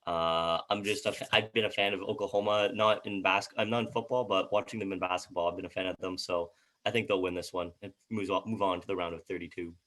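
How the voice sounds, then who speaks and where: A man's voice: low voice, steady tone, quick pace, fairly bright tone. A man co-hosting a casual sports chat, reading out team records and stumbling over player names. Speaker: co-host.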